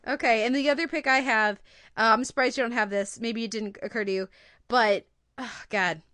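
A woman podcast host talks about TV in a fairly high voice, gushing and getting choked up over her picks. The sound is close and dry, with no room around it. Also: fairly even intonation, fairly quick, sharp tone, no echo. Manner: emotional, gushing. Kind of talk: casual TV review chat.

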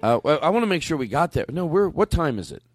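A man hosting a comedy podcast, animated and rambling. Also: on the high side, quick pace, no echo, studio quality. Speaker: podcast host.

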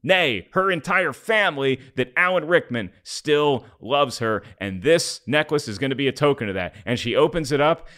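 A man's voice: medium pitch, expressive, normal speed, hardly any pauses, fairly bright tone. Wry, rambling male podcast co-host. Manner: wry, rambling storyteller with stammered restarts. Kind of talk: casual chat, movie review.

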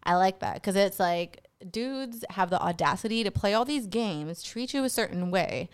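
A woman's voice: medium pitch, lively intonation, moderate pace, clean tone. A woman co-hosting a podcast in a studio, talking in a laid-back way, laughing often and swearing casually. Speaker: podcast co-host. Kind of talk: casual chat.

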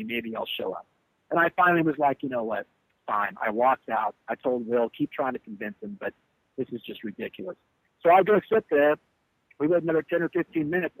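A man's voice: a little high, creaky, dry recording, low-quality recording. A man telling a heated, profane story about a bandmate who walked out on a show, and acting out the quotes. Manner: animated, profane, acts out quotes. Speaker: band leader telling a tour story. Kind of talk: candid interview storytelling.

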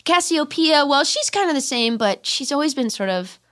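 A woman playing a young female space cadet who rambles hesitantly and softly, full of fillers, in an improvised comedy scene. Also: high-pitched, lively intonation, moderate pace.

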